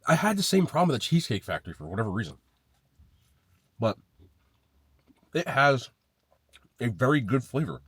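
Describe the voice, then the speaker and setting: A man talks through a casual food review, blunt and loose with his swearing as he scores each sandwich. His voice sits at an ordinary middle pitch. The sound is close and dry, with no room around it. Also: sing-song, moderate pace, long pauses, a bit bright, slightly rough, no room sound. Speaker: food vlogger.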